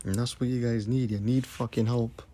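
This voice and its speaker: Angry husky man. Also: mid-range voice, steady tone, normal speed, dark tone. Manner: angry, repetitive, cursing. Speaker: podcast host. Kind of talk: profane ranting monologue.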